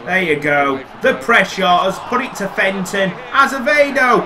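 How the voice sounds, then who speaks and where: A young man commentating his football video game, excitable and quick to swear and shout at near misses. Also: sits high. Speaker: gaming commentator. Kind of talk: casual gameplay commentary. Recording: crowd noise from game audio.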